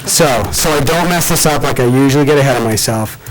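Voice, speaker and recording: A man's voice: mid-range voice, quick pace, noisy background. A man chairing a school board meeting, running procedure in a casual, joking manner.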